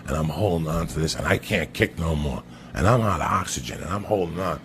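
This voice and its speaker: A man telling a long personal story on a podcast in a profane, animated way. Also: extremely low pitch, fairly quick, background noise. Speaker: podcast guest. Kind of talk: storytelling anecdote.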